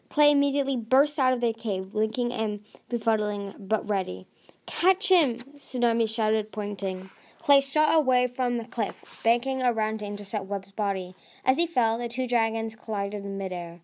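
A woman's voice: on the high side, normal speed, darkish tone. A woman reading a dragon fantasy novel aloud as an amateur narrator, with frequent slips and restarts.

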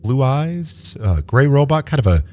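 A man narrating as game master of a tabletop game, talking in a lively way with many fillers and restarts. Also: mid-range voice, moderate pace, a little hiss or hum.

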